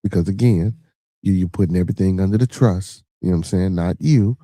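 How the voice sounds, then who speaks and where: Man, chicago accent, podcast host, blunt and profane, stumbling restarts, dark tone. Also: low-pitched, brisk, no room sound, studio quality. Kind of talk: casual chat.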